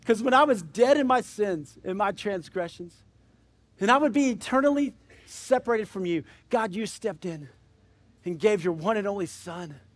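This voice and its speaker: A high-voiced man preaches to his congregation. He tells a story with animated, climbing energy and then eases into a soft, earnest prayer. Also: moderate pace, dry recording. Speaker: pastor. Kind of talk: sermon with storytelling and altar call.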